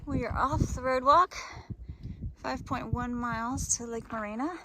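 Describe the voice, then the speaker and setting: A woman's voice: fairly high pitch, fairly even intonation, moderate pace. A woman narrates her hike in a cheerful, chatty way, laughing often as she talks. She records outdoors on a mountain trail with a handheld camera, and faint noise sits behind her voice. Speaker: hiking vlogger. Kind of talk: casual vlog narration while hiking.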